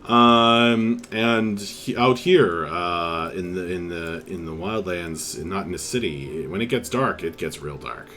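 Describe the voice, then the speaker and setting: A man narrating as game master of a tabletop game, unhurried, with many pauses and restarts. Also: deep voice, pushed and bright, soft background music. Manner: unhurried, lots of fillers and restarts.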